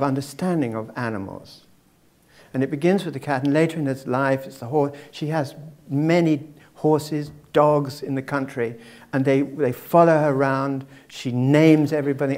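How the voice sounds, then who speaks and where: A man's voice: medium pitch, a little mellow. A man giving a public lecture to a live audience, discursive and dropping wry asides.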